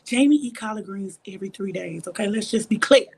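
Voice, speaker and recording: A woman with a medium-pitched, creaky, husky voice speaks briskly as an interview guest. A reality show cast member, she tells a candid story with animated, profane bluntness and acts out quoted dialogue.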